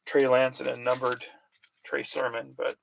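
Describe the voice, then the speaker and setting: A man's voice: medium pitch, little pitch movement, moderate pace, creaky, a little hiss or hum, poor audio. A man hosting a casual card break, calling out player names and rambling about football news with plenty of fillers. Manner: chatty, rambling sports talk with fillers.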